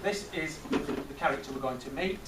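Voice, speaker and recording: A middle-aged man teaching a class of children, asking lively questions and checking with tag questions. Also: on the high side, moderate pace. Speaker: teacher leading a maths master class. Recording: echoey classroom from far off, noisy.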